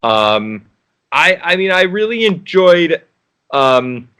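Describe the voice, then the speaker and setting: A man's voice: on the high side, very animated, slow pace, pushed and bright, smooth. A man, an actor guest, chatting casually in an interview, rambling with restarts and frequent laughs.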